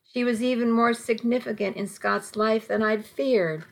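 A woman narrating a first-person story in an audiobook, in a measured, quietly tense manner. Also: on the high side, fairly even intonation, creaky.

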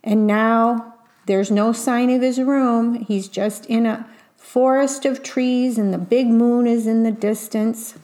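Slow gentle woman reading a storybook. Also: on the high side, fairly even intonation. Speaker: reader. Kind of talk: reading a picture book aloud and describing the pictures.

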